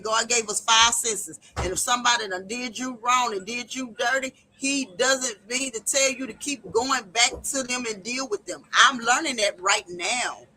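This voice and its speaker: A woman's voice: on the high side, pushed and bright, husky, low-quality recording. A woman hosting a livestream, giving impassioned, preacherly personal testimony about hard times and faith. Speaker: livestream host.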